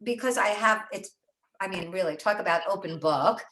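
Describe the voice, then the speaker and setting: A woman's voice: mid-range voice, moderate pace, fairly bright tone, slight background noise. An older woman author talking casually and animatedly about her writing, with many fillers and restarts, recorded in her home studio. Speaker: author and host. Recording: roomy echo.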